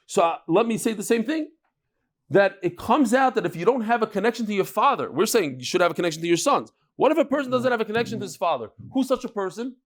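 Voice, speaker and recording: A middle-aged man leads a daily Talmud class in front of a live room of students. His voice sits fairly high, and he talks in an animated way, firing off questions and answering them himself. He breaks off now and then to banter with people in the room. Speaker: Talmud teacher.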